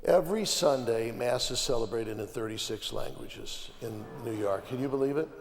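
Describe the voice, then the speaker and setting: A man's voice: medium pitch, moderate pace, creaky, slight background noise. A man from the American Midwest, an archbishop speaking as a guest on a panel. He talks emphatically, piling up repeated phrases and restarting his sentences. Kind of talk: conversational panel talk. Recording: long hall reverb.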